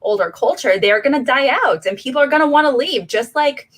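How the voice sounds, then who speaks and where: A woman co-host in a casual movie discussion with a slightly high voice. She talks in halting runs, leaning on fillers as she hunts for her point. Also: expressive, fairly bright tone. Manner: hesitant, many fillers like "you know" and "uh".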